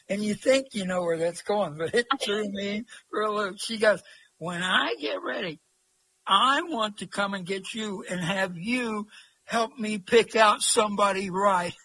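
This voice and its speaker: Man, high bright voice, slightly husky, folksy rambling storyteller. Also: measured pace, no echo, rough recording. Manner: rambling, folksy, many fillers. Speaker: interview guest, long-distance walker. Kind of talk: casual storytelling.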